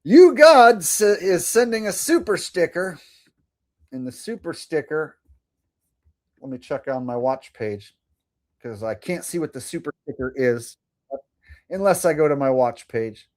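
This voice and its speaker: A man hosting a livestream, chatting casually with viewers in a rambling way, laughing and swearing now and then. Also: on the high side. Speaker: livestream host.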